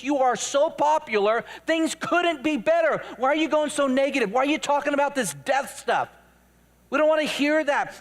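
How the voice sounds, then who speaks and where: Man voicing fretful male disciple, high and loud, whiny rapid pleading. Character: eager adult male disciple, fretting over popularity.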